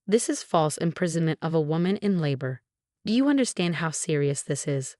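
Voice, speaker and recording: A woman reads a firm man who gives orders in a sharp, commanding voice. The delivery is low and dry. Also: animated, fairly quick, dry recording. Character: commanding brother-in-law.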